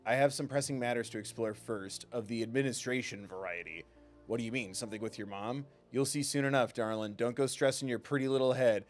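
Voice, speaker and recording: A man's voice: mid-range voice, fairly quick, faint music behind, lightly acted. A man voicing a flirty, patronizing video game character in an exaggerated put-on Southern US drawl. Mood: condescending.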